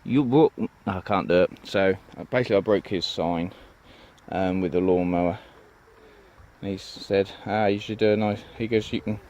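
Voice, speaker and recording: In a walk-and-talk vlog, a man leads a rambling, chatty tour of his allotment outdoors, full of ums, asides and "you know what I mean." His deep, darkish voice is fairly even at normal speed, and the recording has its highs cut off.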